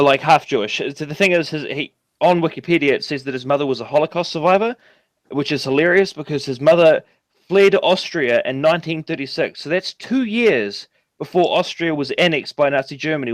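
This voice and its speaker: A man's voice: a little high, fairly quick, no room sound. A man from New Zealand with a New Zealand accent, calling in to a casual chat and talking in a rambling, profane way full of fillers. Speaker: caller.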